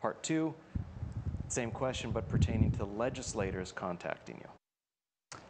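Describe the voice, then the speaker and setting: A man's voice: fairly low pitch, animated, measured pace, heavy background noise. A man co-hosting a talk show, asking probing, conversational questions of a guest. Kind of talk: radio talk show interview.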